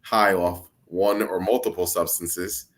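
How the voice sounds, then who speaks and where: A man co-hosting a casual live stream, telling stories in an animated way. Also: sits low, measured pace. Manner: animated storyteller.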